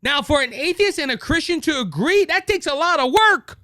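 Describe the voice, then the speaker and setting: Emphatic Cajun man, high and bright. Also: expressive, normal speed, dry recording, studio quality. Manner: emphatic, repeats words and restarts phrases. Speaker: podcast host. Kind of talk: opinion monologue.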